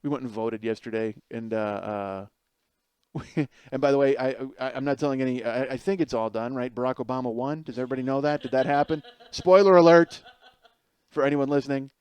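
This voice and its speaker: Middle-aged male podcast host: animated comic storyteller who swears a lot, close and dry, mid pitch. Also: fast talker, clean tone, dry recording. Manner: animated, swears freely, laughs through punchlines. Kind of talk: comedic storytelling monologue.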